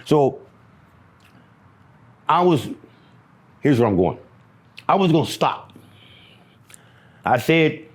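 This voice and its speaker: A man tells his story in a husky, slightly high voice, stopping and restarting as he goes. He talks in a halting, repetitive way and swears freely. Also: big pitch swings. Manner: stammering restarts. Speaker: interviewee. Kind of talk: emotional personal storytelling.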